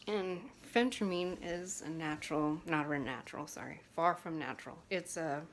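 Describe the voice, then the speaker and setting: A woman's voice: deep voice, moderate pace, slight background noise. A woman in her twenties telling a personal story to camera in a frank, chatty way, with many fillers and restarts. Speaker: vlogger.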